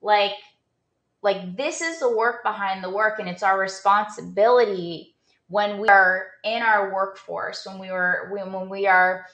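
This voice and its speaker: A woman's voice: mid-range voice, a little slow, fairly bright tone, echoey room. A woman performance coach giving an earnest motivational talk, telling a personal story with many restarts and fillers.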